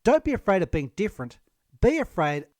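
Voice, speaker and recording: A man giving measured, critical scripted narration in a commentary video. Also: sits high, sing-song, a little mellow, no echo, clean studio sound.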